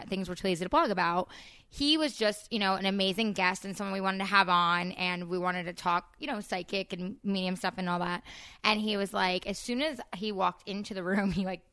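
A woman as a podcast guest, chatting casually and acting out quotes in animated stories. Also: mid-range voice, clean tone, no echo, clean studio sound. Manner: animated storyteller, acts out quotes. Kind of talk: casual chat.

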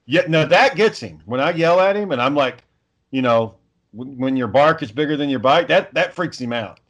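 A man's voice: medium pitch, lively intonation, normal speed, a bit bright, muffled recording. A father in casual chat, rambling through stories about his kids and swearing freely.

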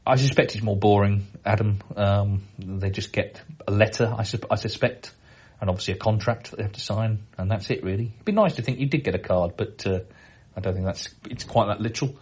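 Man, podcast host, husky voice, relaxed and chatty, reads listener emails, hesitant fillers. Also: fairly low pitch, fairly quick. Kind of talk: casual podcast chat reading listener emails.

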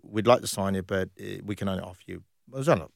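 A middle-aged man, telling lively football anecdotes in a casual interview and acting out what others said. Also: deep voice, racing, gravelly, no room sound, studio quality. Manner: animated anecdotes, acts out quoted voices, laughs often. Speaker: interview guest, former footballer.

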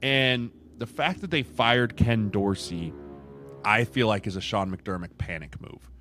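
A man's voice: fairly low pitch, measured pace, bright, forceful tone, soft background music. A man co-hosting a football podcast, opinionated and acting out quotes in casual chat. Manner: opinionated, acts out quotes in voices. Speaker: podcast co-host, former lineman.

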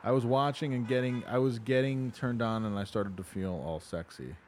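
A man's voice: medium pitch, moderate pace, a little mellow, slight background noise. A man in casual, crude podcast chat, rambling and swearing freely. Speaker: podcast host.

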